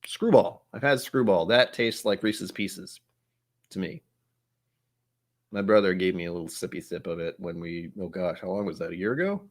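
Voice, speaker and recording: Young male host, slightly low voice, loose rambling livestream chat, jokes at his own expense. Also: normal speed. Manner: rambling, self-mocking, reacts aloud to chat. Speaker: whiskey channel host.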